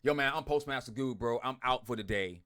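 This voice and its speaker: A man's voice: mid-range voice, fairly quick. Swearing, fired-up man ranting. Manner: blunt, swearing, repeats himself and swings from loud to muttered. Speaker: online group leader. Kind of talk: heated profane rant to followers.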